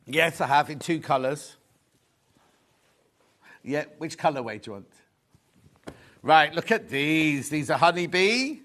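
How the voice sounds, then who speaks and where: A man's voice: fairly high pitch, lively intonation, measured pace, long pauses, bright, forceful tone. A man presenting a live shopping show, chatty and gushing, repeating his phrases as he shows off fabrics. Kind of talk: live sales chat.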